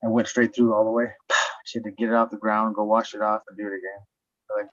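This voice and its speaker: A man's voice: on the low side, monotone, fast, a bit bright, dry recording. A man telling a rambling story in casual chat, swearing often and laughing as he talks. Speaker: podcast guest. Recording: dull lo-fi sound.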